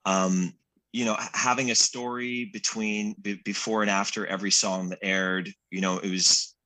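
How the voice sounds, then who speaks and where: A man's voice: on the low side, level tone, moderate pace, pushed and bright. A middle-aged man chatting as a guest in an interview, talking in loose, restarting sentences. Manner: rambling, many restarts. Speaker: guest actor. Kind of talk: casual interview chat.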